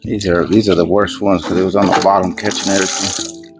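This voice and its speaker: Loud music plays behind an older man's low, level voice as he talks fairly quickly into his phone camera. He's a vlogger making a casual day-in-the-life video outdoors by his garage, working on a fridge. Rambling and easygoing, he talks to himself as he works.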